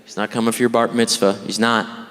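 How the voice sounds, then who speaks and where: A man's voice: medium pitch, level tone, fairly quick, in a large hall. A male stand-up comedian doing a wry, mocking set live on stage. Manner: wry, mocking, puts on voices for jokes. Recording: live club recording with loud crowd noise.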